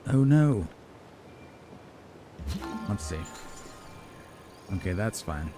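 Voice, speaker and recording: Low, lively-voiced man narrating gameplay. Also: drawn-out words, faint music behind. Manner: relaxed, musing, chuckles at himself. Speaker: let's play gamer. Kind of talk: casual gameplay commentary.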